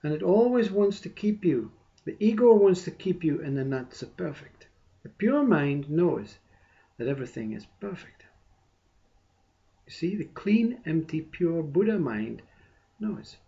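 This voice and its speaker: A man giving a meditative spiritual talk, soft and unhurried, with long pauses and a repeated "you see". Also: on the high side, expressive, lo-fi sound. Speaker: spiritual teacher.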